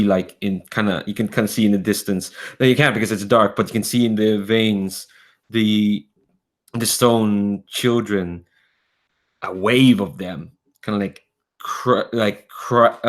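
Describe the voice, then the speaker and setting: A man narrating as game master of a horror tabletop game, thinking aloud and revising as he goes. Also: on the low side.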